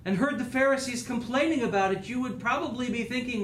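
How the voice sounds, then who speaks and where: A man's voice: very high-pitched, fast, few pauses, a bit bright, roomy sound, a little hiss or hum, poor audio. A man preaching a sermon as pastor, with an earnest, rising and falling preaching cadence.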